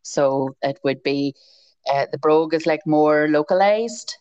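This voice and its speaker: A woman with a soft Tyrone Irish accent speaks as an interview guest, gentle and often breaking into light laughter. Her voice sits very low for a woman. The sound is close and dry, with no room around it. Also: measured pace, smooth, no room sound, muffled recording. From Ireland. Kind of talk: casual conversation.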